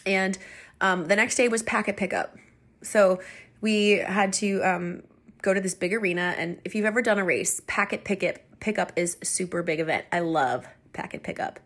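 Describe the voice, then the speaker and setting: Animated chatty woman storyteller. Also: medium pitch, moderate pace. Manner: chatty and animated, laughing often. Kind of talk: casual storytelling.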